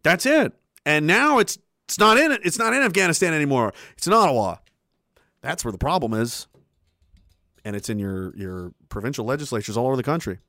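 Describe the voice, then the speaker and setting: A man, streaming a profane, forceful rant and repeating himself as he builds his point. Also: mid-range voice, very animated, a little fast, no room sound, studio quality. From Canada. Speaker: livestreamer. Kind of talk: heated monologue rant on stream.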